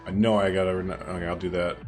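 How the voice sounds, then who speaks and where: A man's voice: low-pitched, level tone, fast, soft background music. A man streaming live, chatting casually with viewers as he builds, rambling and laughing often while answering their messages.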